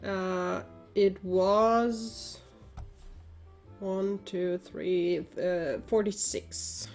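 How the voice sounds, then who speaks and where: A woman's voice: medium pitch, fairly even intonation, extremely slow, a little mellow, soft background music. A woman playing in a tabletop game, talking casually. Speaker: player.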